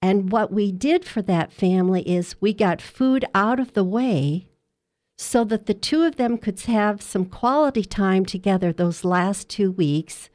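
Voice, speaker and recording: A woman working as a hospice dietitian, telling a patient's story in an interview with earnest, measured storytelling. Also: mid-range voice, a little mellow.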